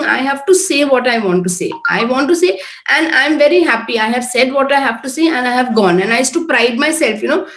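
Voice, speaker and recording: A middle-aged woman giving an informal talk at a prayer group, earnest and conversational, often checking with "correct?". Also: high voice. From Oman-based, Indian. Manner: earnest, conversational, repeats tag questions. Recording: echoey room.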